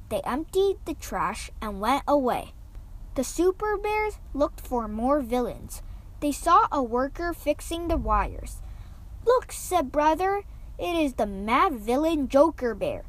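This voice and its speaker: Slow, lively high-voiced woman reading a storybook. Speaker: storyteller reading a picture book. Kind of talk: read-aloud children's story.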